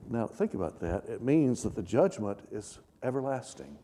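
A man delivers a sermon and Bible teaching, reading scripture with mounting emphasis and putting questions to the congregation. His low voice is dark and mellow, with big pitch swings and a moderate pace, echoing with the long reverb of a large hall.

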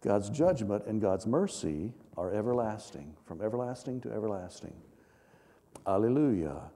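Low, mellow-voiced man preaching in a hall. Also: animated, normal speed. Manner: reads scripture aloud with rising emphasis, asks the congregation questions. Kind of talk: sermon, Bible teaching.

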